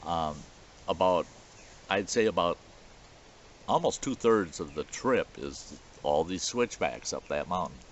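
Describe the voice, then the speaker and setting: A man's voice: low voice, measured pace. A man telling a folksy story outdoors at a campfire in the woods, in a dull lo-fi recording. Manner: folksy, animated yarn-spinning. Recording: dull lo-fi recording with faint hiss.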